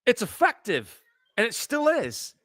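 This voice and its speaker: A man co-hosting live movie commentary, chatting with excitable, laughing banter. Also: very high-pitched, a little slow, crowd noise. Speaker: co-host.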